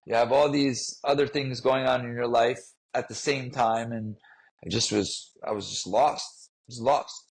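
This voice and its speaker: A man's voice: mid-range voice, fairly even intonation, a little slow, vocal fry, breathy edge, rough recording. A man telling a personal story in a podcast interview, earnest and emotional, often repeating himself. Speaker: guest, fitness trainer.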